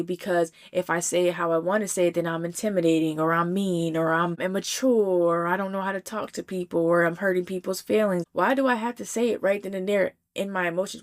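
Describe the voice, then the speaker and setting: A young adult woman hosting a solo podcast, talking in an earnest, heartfelt way and slowing down to stress her points. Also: fairly low pitch. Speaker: podcast host. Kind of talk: solo reflective podcast monologue.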